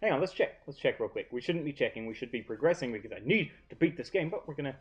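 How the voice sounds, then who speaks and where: A man's voice: mid-range voice, lively intonation, quick pace, highs cut off. A young man hosting a casual gaming playthrough from his living room, rambling and self-deprecating as he talks. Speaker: let's play host. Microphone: desk mic off to one side, often facing away.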